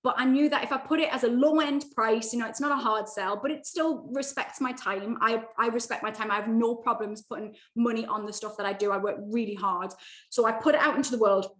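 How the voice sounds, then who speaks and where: A woman speaking as a guest in a casual interview, upbeat and animated, talking in quick bursts with frequent restarts. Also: fairly high pitch. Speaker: guest, mindset coach. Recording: echoey room.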